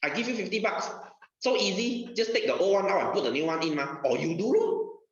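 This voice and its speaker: Pushy stingy car owner as a man puts him on, high whiny haggling, dull roomy sound. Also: fairly quick.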